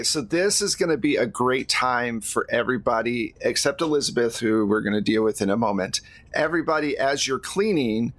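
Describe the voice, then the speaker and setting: A man narrating as the game master of a tabletop role-playing game, relaxed and talkative, laughing easily. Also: mid-range voice.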